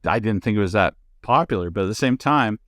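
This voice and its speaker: A man's voice: lowish voice, lively intonation, quick pace, fairly bright tone, no echo, clean studio sound. A man hosting a podcast in casual chat, rambling with lots of restarts and fillers, from the United States. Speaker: podcast host.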